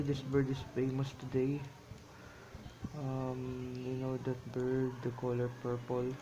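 Slow-talking man chatting while he draws. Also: medium pitch, background noise. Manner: chatty, self-amused, broken English phrasing. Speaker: drawing vlogger. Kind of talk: rambling commentary while drawing.

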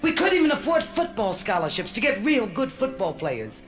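A woman's voice: on the high side, big pitch swings, moderate pace. A woman from Connecticut doing a brassy, wisecracking stand-up routine and teasing her live audience. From Connecticut, USA. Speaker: comedian. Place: stage show before a live audience. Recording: roomy live show recording with band music.

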